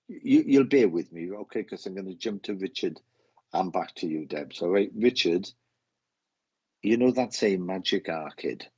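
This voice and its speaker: A man giving live psychic readings on a stream, talking haltingly, repeating phrases and getting emotional. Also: sits low, a little mellow, slightly rough, no echo, highs cut off. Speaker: psychic medium host.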